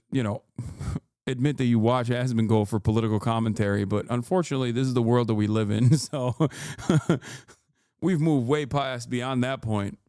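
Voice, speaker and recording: A man's voice: medium pitch, a little mellow, clear, resonant tone, dry recording, studio quality. A man in his thirties streaming, giving casual sarcastic reaction commentary and laughing often.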